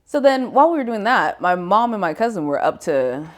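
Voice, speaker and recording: A woman's voice: medium pitch, very animated, brisk. A woman co-hosting a casual podcast, airing blunt, wry complaints about her travels. Her voice sits mid-range but swoops up and down with lots of expression. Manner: dry, blunt complaints, sing-song emphasis. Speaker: podcast co-host. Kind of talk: casual chat.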